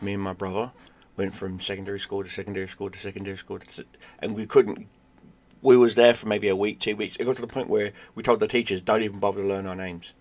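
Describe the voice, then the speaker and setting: Gravelly low man telling a story. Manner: blunt, swears freely, drops to a hush for tense moments. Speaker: gaming streamer telling a personal story. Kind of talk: casual storytelling.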